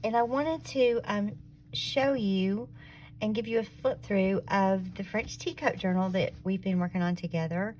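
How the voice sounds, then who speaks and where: A woman's voice: mid-range voice, a little slow, darkish tone, slight background noise, rough recording. A woman with a Southern accent, hosting a craft channel in a casual, friendly, chatty way. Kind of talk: casual craft vlog chat.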